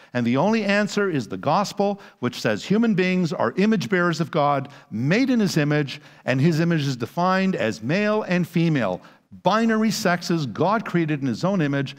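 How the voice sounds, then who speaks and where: A man giving a conference lecture with slides as a Christian apologist, animated and sarcastic, full of rhetorical questions. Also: a little high. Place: church conference hall. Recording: long hall reverb.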